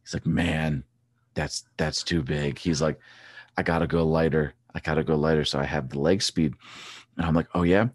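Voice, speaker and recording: Deep-voiced man telling stories, dry sound. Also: normal speed, no room sound. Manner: rambling, animated storytelling with repeated restarts. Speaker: podcast guest, former track cyclist. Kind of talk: casual chat.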